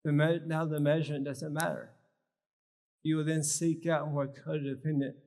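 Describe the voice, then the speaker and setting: A man's voice: on the high side, flat delivery, moderate pace, a little mellow. A man giving a live workshop talk at a health symposium, teaching with short, emphatic phrases. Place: large church hall. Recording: long reverb of a large hall.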